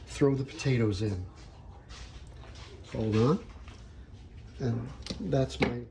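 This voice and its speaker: A man talks through his cooking step by step in a laid-back, easygoing way. His voice sits at an ordinary middle pitch. Frying food sizzles clearly behind him in a home kitchen. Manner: relaxed step-by-step explaining. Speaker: home cook. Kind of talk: casual cooking narration. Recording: sizzling pan noise behind.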